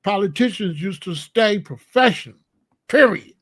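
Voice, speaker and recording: Man, high voice, dry close sound, blunt and scolding commentator delivering an opinion monologue. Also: unhurried, dry recording. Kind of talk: opinionated monologue to a live chat.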